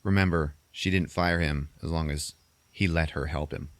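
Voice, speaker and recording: Talk low and loose, a profane podcast host recapping a movie to a friend, in a dry, close room. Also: male voice, steady tone, moderate pace, no room sound. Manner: profane, laughing storyteller. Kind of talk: crude comedic movie recap.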